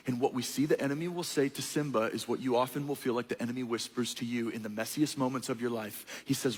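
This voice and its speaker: A young man preaching a sermon, telling a story in an animated, playful way. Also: mid-range voice, quick pace, hardly any pauses, husky, in a large hall.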